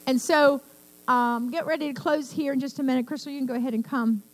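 With piano playing behind her, an older woman delivers an impassioned sermon, dramatizing the quotes in her stories. She talks fast, in a voice that sits high with fairly even intonation.

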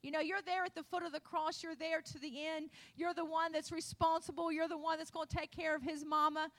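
A woman's voice: very high voice, flat delivery, brisk, a bit bright. A woman preaching a sermon, retelling Bible stories and acting out the voices of the people in them.

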